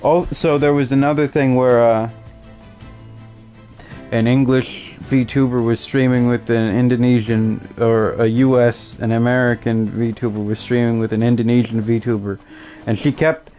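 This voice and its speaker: A man's voice: medium pitch, level tone, normal speed, dark tone. A young male streamer chatting over his gameplay, rambling from one story to the next and mimicking the people in them. His voice sits mid-range, and faint game music plays behind him. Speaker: gaming streamer. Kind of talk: casual let's-play chat.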